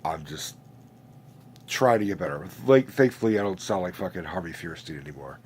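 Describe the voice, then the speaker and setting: A congested man in his late twenties rants casually as a host, his nose audibly stuffed up. He rambles with plenty of profanity and stumbling restarts, in a low-pitched voice. There is a faint rumble of noise behind him. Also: lively intonation, fairly quick, darkish tone. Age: late 20s. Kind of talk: casual rant.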